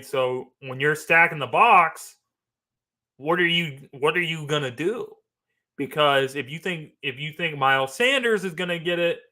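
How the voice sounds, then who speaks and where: A man talks through his opinions in an unscripted monologue, pressing his points by repeating them. His voice sits a little high for a man, with a bright, forceful edge. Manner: animated, emphatic, repeats phrases. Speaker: sports podcast host. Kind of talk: casual opinion commentary.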